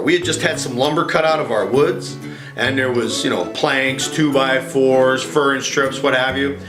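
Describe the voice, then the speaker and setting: A man's voice: medium pitch, a little slow. Guy rambling thru a childhood story, lots of uh and you know, guitar playing behind, echoey room. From rural farm upbringing. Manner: relaxed, rambling, many fillers. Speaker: storyteller host. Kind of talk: casual storytelling. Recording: roomy echo with guitar music behind.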